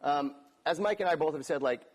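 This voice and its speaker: A man's voice: fairly high pitch, brisk, husky. A man hosting an interview, talking in an enthusiastic, friendly way while recommending a trip. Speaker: interview host. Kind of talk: casual interview chat.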